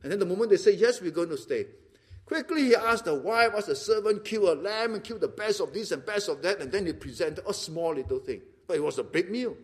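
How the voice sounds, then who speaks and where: Animated high-voiced preacher. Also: male voice, fast, few pauses, slightly rough. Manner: animated, acts out little dialogues, laughs often. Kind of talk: sermon.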